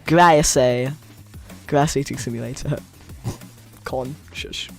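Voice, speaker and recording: Over soft background music, a young American streamer builds a game and chats with his audience in a rambling, playful way, reading chat aloud. His mid-range voice is creaky and slow, with fairly even intonation.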